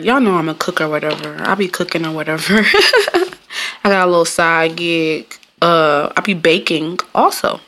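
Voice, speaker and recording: This woman has a gravelly low voice with a fairly bright tone. She's a cook and baker telling stories in a casual monologue, chatty and profane, laughing often and slipping into high mocking voices.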